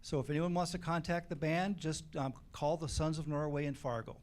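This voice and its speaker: A man's voice: fairly high pitch, fairly even intonation, brisk, darkish tone. A man, a band member guest, telling funny stories in a casual interview in a community TV studio. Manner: joking, chuckles through his stories.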